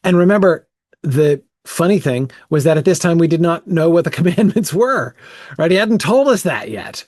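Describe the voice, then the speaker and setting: A man's voice: on the high side, lively intonation, moderate pace, darkish tone, no echo, studio quality. A man leading a casual bible study, thinking aloud with frequent "um" and "right?" as he works through the text.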